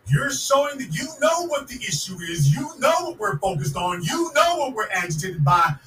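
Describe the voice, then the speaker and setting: A man with a high voice delivers a fiery, sarcastic commentary monologue, circling back to drive each point home. He sits back from the mic in an echoey room with a faint hiss underneath. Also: sing-song, moderate pace, sharp tone, recorded from a distance. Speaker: podcast host.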